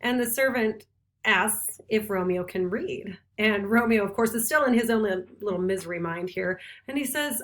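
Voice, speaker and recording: A middle-aged woman teacher casually retelling a play scene for her students, briefly putting on quick voices for the characters. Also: medium pitch, fairly bright tone. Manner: chatty, paraphrases characters in quick put-on voices.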